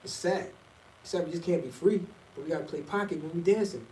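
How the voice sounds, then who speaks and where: Middle-aged man, rambling slangy storytelling, mellow slightly high voice, echoey room, distant from the mic. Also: fast talker, slight background noise. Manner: loose and rambling, slangy, jumps between topics. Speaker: vlogger. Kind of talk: casual storytelling monologue.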